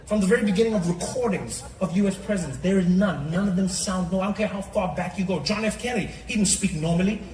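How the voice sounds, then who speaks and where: A man doing a stand-up comedy set, animated and slipping into mocking voice impressions. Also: high voice, fast talker, hardly any pauses. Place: comedy stage before a live audience. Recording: roomy live recording with crowd laughter, from a distance.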